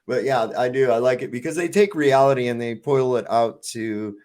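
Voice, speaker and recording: A man hosting a casual chat, animated and swearing freely as he tells stories. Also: mid-range voice, normal speed. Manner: animated, acts out quotes in funny voices, swears freely.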